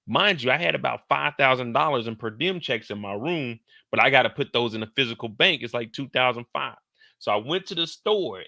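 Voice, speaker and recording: Speaking at a medium pitch, a male host in his thirties tells a story on his show with heavy profanity, acting out every quoted line with animated energy. The sound is clean studio audio with no room sound.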